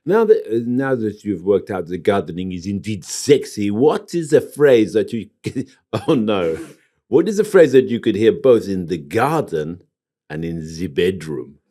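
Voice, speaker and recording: Low-voiced jokey man. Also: sing-song, normal speed, warm tone. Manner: jokey, chatty, laughs often. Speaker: podcast co-host. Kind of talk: casual banter.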